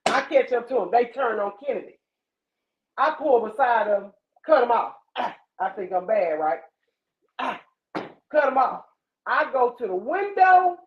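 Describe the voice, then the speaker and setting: A woman from Louisiana hosting a podcast, telling a wild story in a profane, animated way and acting out the voices. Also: on the high side, a little slow, slight background noise. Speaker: podcast host. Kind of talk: casual storytelling chat. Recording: echoey dull lo-fi room.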